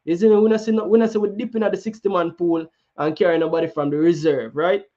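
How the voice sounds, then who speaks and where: A man hosting a football channel talks fast in a warm, high voice with fairly even intonation, though the sound is lo-fi. His Jamaican accent shows as he chats casually, moves into patois, and restarts frequently.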